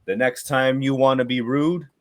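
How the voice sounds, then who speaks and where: A man's voice: medium pitch, fairly even intonation, moderate pace, lightly acted. A man voicing a brash middle-aged mercenary leader who swaggers and talks crude. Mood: scolding.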